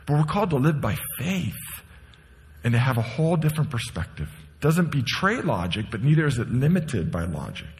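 A middle-aged man preaching a sermon, telling a story with passion and dropping to a hush for quiet moments. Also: mid-range voice. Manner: storytelling, impassioned, shifts between hushed and raised. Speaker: pastor. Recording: long hall reverb.

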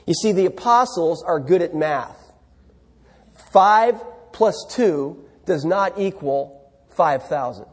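A man's voice: high voice, animated, takes it slowly, breathy edge, in a large hall. A man preaching a sermon, talking in a conversational way and putting questions to his congregation. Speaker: pastor.

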